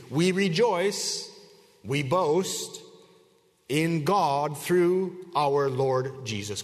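A man preaching an expository sermon to his congregation, measured and emphatic, leaning hard on key words. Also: mid-range voice, a bit bright. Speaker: pastor. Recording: long reverb of a hall.

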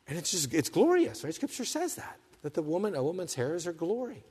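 Brief: male preacher, fairly high voice, impassioned, swings hushed to loud, long hall reverb. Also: big pitch swings, a little fast, husky. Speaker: pastor. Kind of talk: sermon.

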